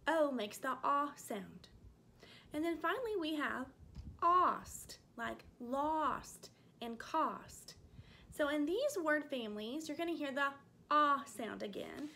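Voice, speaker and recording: A woman teaching a remote phonics lesson to first graders, slowly sounding out letters and vowel sounds. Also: sits high, pushed and bright, slight background noise. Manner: slow, clearly sounding out letters for small kids.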